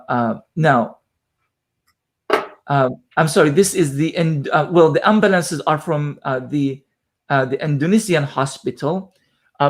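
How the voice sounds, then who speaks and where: A man with a fairly high voice commenting live on breaking news footage. He speaks with passion, stacks repeated phrases for emphasis, and often pauses on fillers. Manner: impassioned, repetitive emphasis with many fillers.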